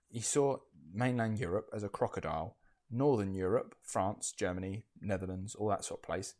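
A man with a low voice hosts a relaxed history podcast. His talk is blunt and peppered with swearing, and he often restarts his sentences mid-thought. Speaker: podcast host. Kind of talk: casual history podcast chat.

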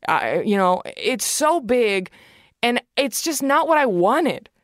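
A woman's voice: a little high, very animated, slow pace, no echo. A woman in a casual podcast chat, venting with blunt swearing and self-mockery. Her delivery is emphatic and frank. The sound is close and dry, with no room around it.

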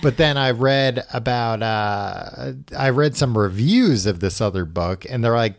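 A man's voice: medium pitch, a little slow, gravelly, few pauses, dry recording, studio quality. A man hosting a podcast, recapping a book in casual chat with a wry storytelling manner. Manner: wry, storytelling with acted quotes. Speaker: podcast host.

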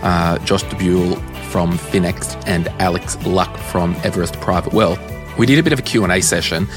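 A man's voice: low-pitched, moderate pace. Australian man, podcast host, casual chat, upbeat, encouraging, music playing behind.

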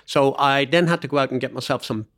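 A man's voice: mid-range voice, quick pace, a bit bright. A man in his seventies co-hosting a podcast, telling long rambling anecdotes in casual chat. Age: 70s. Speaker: podcast co-host.

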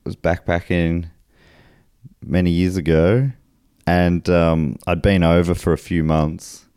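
A man's voice: deep voice, level tone, a little slow, mellow, clean tone, dry recording, studio quality. A man with an Australian accent hosting a podcast, chatting casually and laughing easily as he reads out listener messages. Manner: easygoing, laughs often while reading listener messages. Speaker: podcast host.

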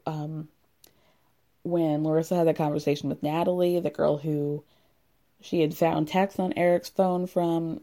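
Woman host for a chatty, sardonic recap with a mellow, warm tone. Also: deep voice. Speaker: reality TV recapper. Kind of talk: casual commentary.

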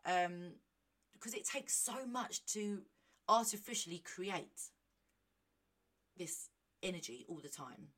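Brief: woman, solo podcast host, animated and self-mocking, slightly low voice. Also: slow, pauses often. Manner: chatty, animated and self-mocking, reading aloud with asides. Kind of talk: casual solo monologue.

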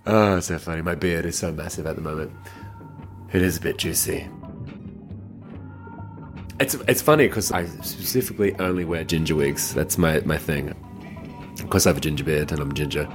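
A man's voice: very deep voice, moderate pace, pauses often, music in the background. A man who performs in drag, telling personal stories in a casual, chatty way and acting out the voices of people he quotes. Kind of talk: casual storytelling.

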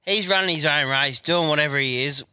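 Crisp, very bright Australian co-host. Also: male voice, fairly high pitch, a little fast, dry recording, studio quality. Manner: easygoing, agreeable, chatty. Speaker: podcast co-host. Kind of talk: casual chat.

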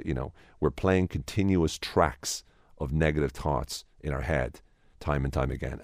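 A man with an extremely low, deep voice explains his ideas as an interview guest. He often restarts his sentences and acts out the voices in people's heads. The sound is dry and close. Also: a little mellow, dry recording. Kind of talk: conversational interview.

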